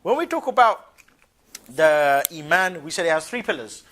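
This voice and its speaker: A man's voice: on the high side, very animated, normal speed, a bit bright, a little hiss or hum. A man giving a religious lecture in a conversational, colloquial way, often checking in with "yeah?" and breaking into mocking asides with short laughs.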